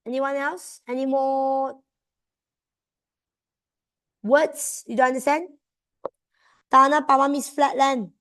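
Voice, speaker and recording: A young woman's high-pitched, slightly bright voice moves slowly, with little pitch variation and long pauses. Teaching an online exam revision class in a Malaysian accent, she coaxes students along, mixing Malay terms into her English.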